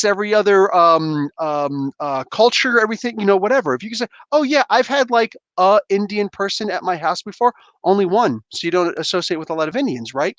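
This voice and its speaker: A man in his thirties hosting a casual livestream chat from home on a headset mic, rambling and animated with lots of fillers and restarts. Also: high-pitched, no echo. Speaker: livestream host. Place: home room. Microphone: gaming headset.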